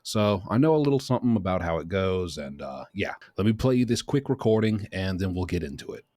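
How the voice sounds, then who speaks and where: A man's voice: sits low, very animated, brisk, a little mellow, no echo. A middle-aged man hosting a casual commentary video in a chatty way. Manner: chatty, shifts into quoted voices. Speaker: host.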